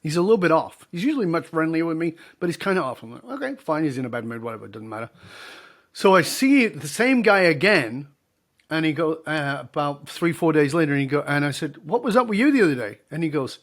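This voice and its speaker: A middle-aged leadership speaker, appearing as a podcast guest, tells stories in an interview and performs both sides of the conversations. His voice is a little high, expressive, and a bit bright, and he speaks briskly.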